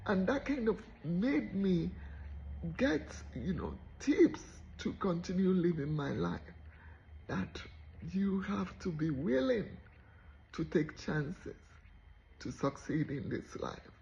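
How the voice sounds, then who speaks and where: A woman tells a personal story as a motivational talk. She is animated and slips into the voices of the people she describes. Her voice has a gravelly edge, and the recording is a little dull and lo-fi. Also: fairly low pitch, takes it slowly, a little hiss or hum. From Nigeria. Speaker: motivational speaker.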